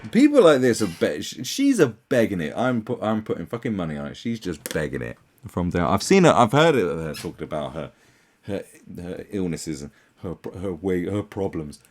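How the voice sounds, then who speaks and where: Man, twenties, ranting commentary, sarcastic, swearing, swooping pitch. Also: sing-song, moderate pace, darkish tone. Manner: sarcastic, profane, mocks in shrill put-on voices. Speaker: commentary host.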